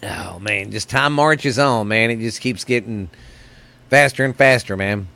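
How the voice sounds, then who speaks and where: A man's voice: fairly low pitch, unhurried, creaky, sharp tone. Rowdy man hosting a podcast. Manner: rowdy, profane, rambling, calls listeners baby. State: stuffy from sinus trouble. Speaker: podcast host. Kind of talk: casual rambling podcast monologue. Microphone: close studio mic.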